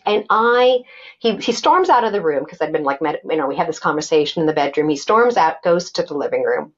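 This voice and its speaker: Animated woman telling her story, lo-fi. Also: sits low, fairly quick, slightly rough. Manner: animated, acts out quoted voices. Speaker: guest. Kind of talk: personal storytelling interview. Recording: dull lo-fi sound.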